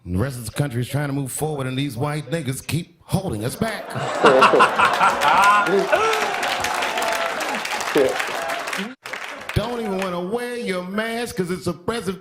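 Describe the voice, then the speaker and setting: A male comedian delivers a provocative stand-up monologue in a loose, conversational way. His slightly high voice swoops around a lot. A large live audience laughs loudly behind him. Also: sing-song, slow pace, pauses often. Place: live TV studio stage. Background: crowd laughing and clapping.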